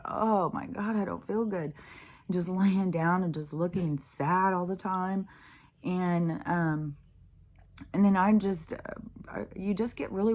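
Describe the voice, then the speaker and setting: Woman, casual vlog monologue, lowish voice, blunt and emphatic, swears a lot. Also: a little mellow. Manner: blunt, emphatic, swears freely, acts out others' lines in a mocking voice. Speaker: vlogger.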